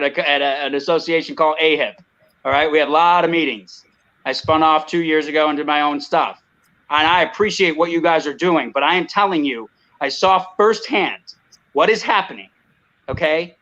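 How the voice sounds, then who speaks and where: A man's voice: on the high side, a bit bright, lo-fi sound. A man speaking as a guest on a video call, heated and emphatic, often saying "you know" and "I mean". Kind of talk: impassioned video call talk.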